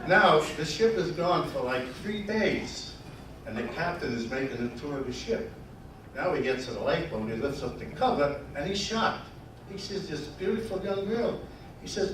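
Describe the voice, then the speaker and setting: A man's voice: mid-range voice, very animated, moderate pace. A man in his eighties telling bawdy jokes in a tavern, chuckling as he tells them. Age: 80s. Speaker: joke teller. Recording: echoey bar, far from mic, noisy.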